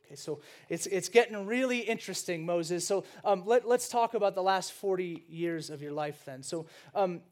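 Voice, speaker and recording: Male preacher, high-pitched, chatty and animated, sermon with acted dialogue. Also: moderate pace, few pauses. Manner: animated, conversational, with frequent restarts and asides.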